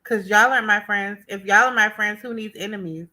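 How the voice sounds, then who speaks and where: Bright-voiced woman co-host, quick asides. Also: medium pitch, fairly even intonation. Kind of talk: casual recap chat.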